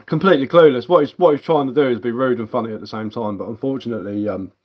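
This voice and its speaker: A man's voice: mid-range voice, rapid-fire, a little mellow. An English man in a plain, mid-range voice, chatting loosely on a home livestream. He rambles, swears now and then, and answers viewers bluntly and offhand. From England. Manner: rambling, blunt, swears casually, mock accents in jest. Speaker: livestream host, woodcarver. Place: indoors at home.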